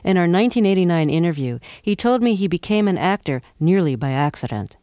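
A woman hosting a radio interview, introducing her guest and asking questions in a measured way. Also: on the low side, expressive, dark tone, no echo, clean studio sound. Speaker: interviewer host.

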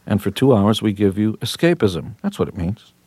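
A man's voice: lowish voice, sing-song, normal speed, darkish tone, slightly rough, no room sound. A man in his fifties, a rock musician guest on a radio interview, talking in a brash, boastful and punchy way from a studio.

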